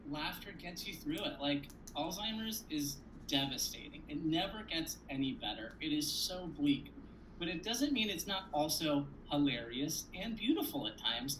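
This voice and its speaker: Bright-toned man telling comic stories on a panel. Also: slight background noise, poor audio. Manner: animated, jumps to loud high outbursts when acting out scenes; profane, conversational, frequent "like". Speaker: comedian panelist. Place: conference panel stage.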